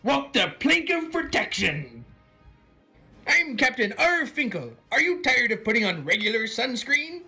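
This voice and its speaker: Casting: a man playing a loud, very bright, sing-song pirate pitchman, music bed behind. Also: very animated, a little slow, exaggerated voice. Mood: salesy. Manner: hammy infomercial pitch. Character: male pirate captain hawking sunscreen in an ad.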